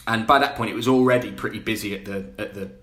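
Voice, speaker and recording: A man, a podcast guest telling a story in a lively way and acting out other people's voices. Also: lowish voice, fast. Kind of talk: casual anecdote telling.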